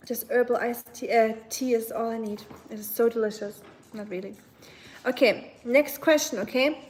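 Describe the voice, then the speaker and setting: A woman's voice: on the high side, steady tone, moderate pace, noisy background. A young woman from Germany, casually chatting and answering her live chat as a streamer, with lots of fillers. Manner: chatty, reads chat aloud, many fillers. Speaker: livestream host.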